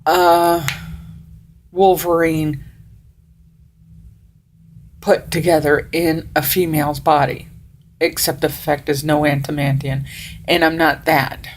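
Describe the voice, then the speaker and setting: A woman in her forties talks straight to the camera in a slow, drawn-out way. Her voice sits a little low, and she is blunt and rambling, swearing without a second thought. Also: level tone, slight background noise. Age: 40s. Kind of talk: casual monologue to camera.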